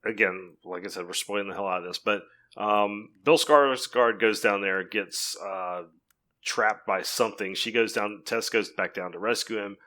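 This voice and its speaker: A man co-hosts a casual podcast, recapping a film plot. His voice sits low but sounds bright and forceful, and he talks in a relaxed, hesitant way with frequent fillers. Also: normal speed. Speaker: podcast co-host. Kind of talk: casual movie discussion.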